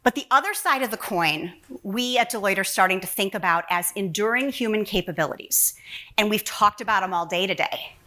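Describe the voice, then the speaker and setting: A woman presents from a conference stage in a bright, crisp voice. She speaks earnestly, posing rhetorical questions to the crowd as she builds her argument. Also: mid-range voice, a little fast. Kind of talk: keynote presentation.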